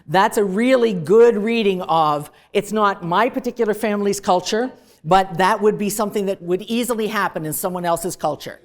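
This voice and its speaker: A woman professor lectures in a direct, emphatic way. She is quick to dismiss clichés, and her voice sits at a middle pitch. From Canada. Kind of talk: recorded lecture.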